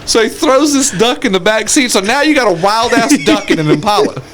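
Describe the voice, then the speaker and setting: A man's voice: high-pitched, animated, fairly quick, a crowd in the background. A man co-hosting a podcast, telling a story in a casual chat and laughing often as he talks. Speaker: podcast co-host.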